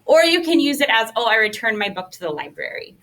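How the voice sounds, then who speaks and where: A woman's voice: on the high side, sing-song, fast talker, fairly bright tone. Upbeat teacher woman, a bit far off. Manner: upbeat, coaxing, leads repetition drills. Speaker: Spanish teacher. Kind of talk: classroom lesson.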